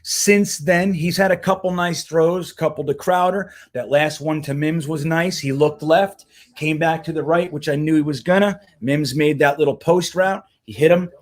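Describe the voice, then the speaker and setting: A man's voice: fairly high pitch, moderate pace. Rambling, swearing livestream host, man. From United States. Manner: loose, rambling, swears casually. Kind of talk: casual livestream commentary.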